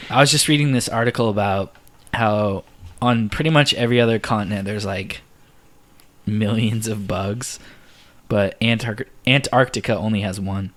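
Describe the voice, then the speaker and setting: Easygoing young man with a lowish voice; casual co-host, slangy, trails off. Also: moderate pace, fairly bright tone. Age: young adult. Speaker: podcast co-host. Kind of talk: casual chat.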